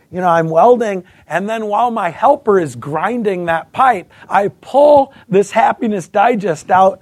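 A husky, high-voiced man in his fifties delivers a testimony sermon. He tells his story with animation, stumbling over repeated words and switching into other voices. The sound is dry and close. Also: no room sound. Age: 50s. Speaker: preacher giving testimony.

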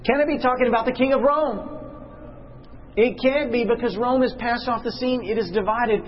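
A man leading a Bible study class, questioning his listeners and slowing down and dropping low to stress a point. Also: dull audio, slight background noise. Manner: questions the class, slows and drops low for emphasis.

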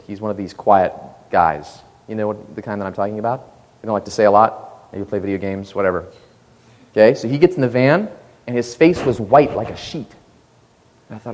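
A man preaching a sermon, telling stories with animated rises and quiet asides, recorded in a church hall. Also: fairly low pitch. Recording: long hall reverb.

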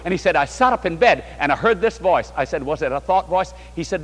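A man's voice: a little high, lively intonation, brisk, few pauses, a bit bright, in a large hall. A man preaching a sermon to a large congregation, from New York State, in a fervent, rising and falling delivery. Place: large hall before a congregation.

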